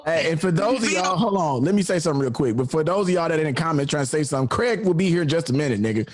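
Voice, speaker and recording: High-pitched dude hosting a roast over a video call, loud and laughing, voice jumping all over. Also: male voice, lively intonation, racing. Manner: loud, laughing, trash-talking. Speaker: comedy show host. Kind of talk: live roast banter.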